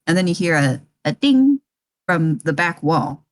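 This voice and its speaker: Woman game master, slow and giggly, lively pitch, lowish voice. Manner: giggly, chatty, laughs often. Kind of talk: narrating a tabletop game.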